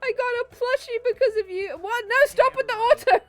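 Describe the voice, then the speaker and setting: A woman streaming a game, reacting in an excitable way and swearing, laughing and exclaiming at what happens on screen. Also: extremely high pitch, a little fast, faint music behind. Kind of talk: live gameplay commentary.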